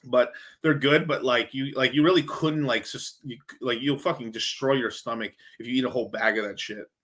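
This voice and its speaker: A man's voice: mid-range voice, steady tone, fairly quick, fairly bright tone. A young man from Mexico hosting a livestream, telling stories in a loose, profane, rambling way, full of fillers and restarts, while he answers questions from the chat. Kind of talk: casual rambling storytelling. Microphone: streaming microphone.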